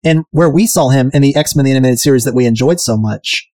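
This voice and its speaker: A man's voice: mid-range voice, fast, a little mellow, no room sound. A man hosting a podcast, recapping a TV episode in casual chat, irreverent and profane, sometimes mimicking characters. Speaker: podcast host.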